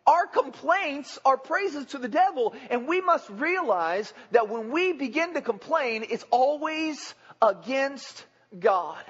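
A man with a strikingly high voice preaches a sermon, folksy and joking, chatting with the congregation as he goes. The recording is dull and lo-fi, with a long reverb from a large church hall. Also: animated, slow pace, a bit bright.

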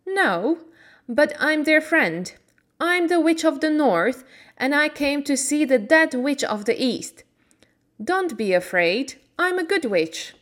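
Kindly little old good witch in a storybook, a woman reading her, slow and gentle. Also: sits high, animated, pitched above the performer's own voice, exaggerated voice. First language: Slovak.

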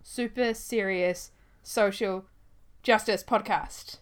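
A woman's voice: mid-range voice, steady tone, slow. A young woman co-hosting a podcast in casual chat, laughing often and reading listener reviews aloud. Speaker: podcast co-host.

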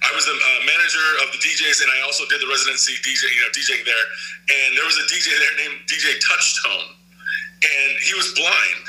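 A man who works as a DJ, telling animated anecdotes and acting out the people in them. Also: medium pitch, a little fast, roomy sound, rough recording. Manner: animated anecdotes, acts out quoted voices. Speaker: guest, DJ. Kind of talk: casual storytelling.

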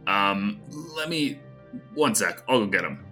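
A man with a lowish, bright, forceful voice narrates a tabletop game as game master. His telling is loose and casual, full of little hesitations. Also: lively intonation, measured pace, faint music behind.

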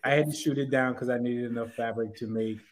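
A man's voice: mid-range voice, fairly even intonation, quick pace. Guy on a panel show, mid voice, stumbles into his jokes and chuckles. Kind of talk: comedic panel chat.

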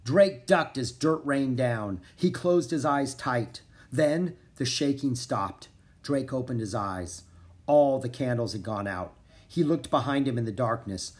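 A man narrating a children's storybook in an expressive, dramatic reading style. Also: mid-range voice, a little slow. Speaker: audiobook narrator.

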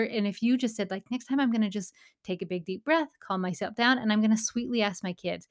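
A woman in her thirties talks straight to parents in a relaxed, encouraging way. Her tone is earnest and friendly, and she now and then brings in faith. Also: medium pitch, brisk, few pauses. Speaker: parenting podcast host. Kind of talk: casual motivational talk.

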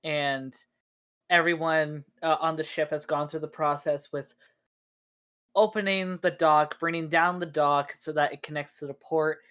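A woman narrating a tabletop role-playing session as game master, calm and measured. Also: low voice.

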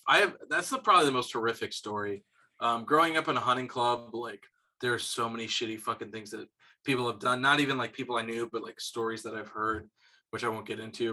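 A young man co-hosting a podcast, casually telling hunting stories, swearing freely and getting animated when he quotes people. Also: mid-range voice. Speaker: podcast co-host. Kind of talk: casual storytelling chat.

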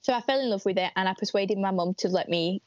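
A woman's voice: medium pitch, fast, dry recording. A teenage woman, chatting casually as an interview guest, giggly and full of "like". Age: late teens. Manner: chatty, giggly, fillers like "like" and "literally". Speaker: pageant titleholder guest. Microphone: video call. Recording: dry, dull lo-fi video call.

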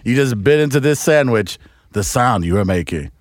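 A man's voice: mid-range voice, moderate pace, dry recording. A man co-hosting a radio show, joking and teasing his co-hosts in casual banter. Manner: playful, teasing, lively.

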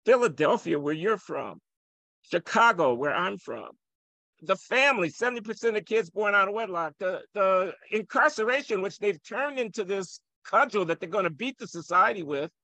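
An older man, an economist guest, arguing forcefully and provocatively in an interview. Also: high-pitched, expressive, normal speed, creaky, dry recording. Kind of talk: heated interview argument.

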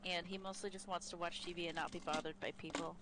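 Woman, lower pitch, opinionated casual chat, faint background noise. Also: flat delivery, fast talker. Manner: chatty, opinionated. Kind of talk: casual chat ranking game characters.

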